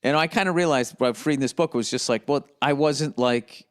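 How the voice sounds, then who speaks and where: Male podcast host, solo rambling monologue, profane and blunt, average pitch. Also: brisk, clean tone. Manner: profane, rambling, slips into mocking voices.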